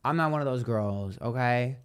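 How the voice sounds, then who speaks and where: A man hosting a psychic livestream, telling stories in a sassy, dramatic, profane way, speaking quietly on a train. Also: mid-range voice, normal speed, clean tone. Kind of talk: casual livestream chat.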